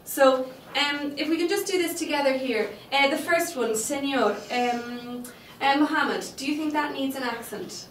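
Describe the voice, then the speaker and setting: A woman's voice: high-pitched, normal speed, hardly any pauses, a bit bright, slight background noise. A woman teaching a Spanish class, patient and explaining step by step, checking in with the students often. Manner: patient, checks understanding with frequent okay. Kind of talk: classroom lesson. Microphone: distant room microphone. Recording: echoey classroom, mic far off.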